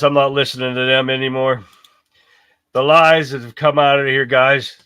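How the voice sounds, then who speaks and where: A man's voice: mid-range voice, flat delivery, moderate pace, bright, forceful tone, clean tone, no room sound. A man hosting a live stream, reacting with heated, profane rants and talking to his chat viewers. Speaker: livestream host.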